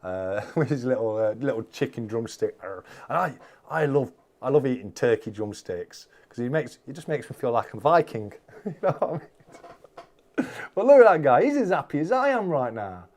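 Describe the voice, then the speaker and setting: Animated, gushing man. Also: mid-range voice, normal speed. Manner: effusive, exclaiming and gushing. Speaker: channel host. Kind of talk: live-stream unboxing chat.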